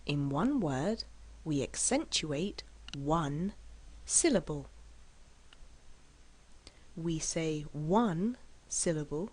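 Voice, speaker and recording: A woman teaching an English lesson, speaking with careful, deliberate enunciation and exaggerated syllable stress. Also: deep voice, lively intonation, darkish tone, slight background noise. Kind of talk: scripted lesson delivery.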